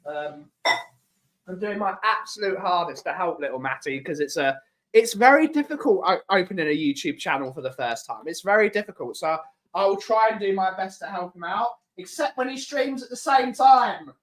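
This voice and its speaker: Chatty bright-voiced man streaming. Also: high voice, expressive, normal speed. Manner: chatty, rambling, repeats phrases. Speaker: livestream host. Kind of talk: casual live chat reading viewer comments. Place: home.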